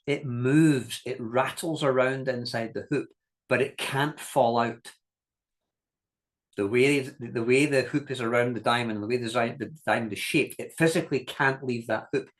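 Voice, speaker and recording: A man leads a business masterclass in a mid-pitched voice, neither high nor low. He tells anecdotes with energy, slips into other people's voices for quotes, laughs along the way, and hammers his key points home plainly. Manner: lively storytelling, acts out quoted voices, laughs often; direct, repeats key points for emphasis. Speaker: business coach. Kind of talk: masterclass teaching talk.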